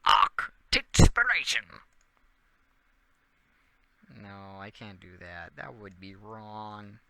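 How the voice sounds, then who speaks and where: A man's voice: on the low side, fairly even intonation, slow pace, fairly bright tone, slight background noise. A young man rambling and joking as a radio DJ in casual chat, often trailing off into mumbled asides.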